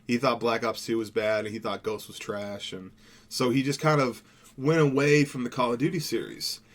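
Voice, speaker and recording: A man's voice: mid-range voice, steady tone, moderate pace. A young man from Seattle giving casual gameplay commentary as a gaming YouTuber, rambling and laid-back, swearing now and then. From Seattle, USA.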